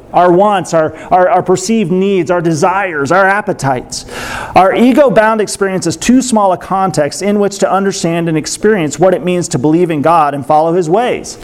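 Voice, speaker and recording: A man's voice: high-pitched, moderate pace. A pastor giving a conversational sermon. He repeats his key phrases and poses rhetorical questions, with a light laugh now and then.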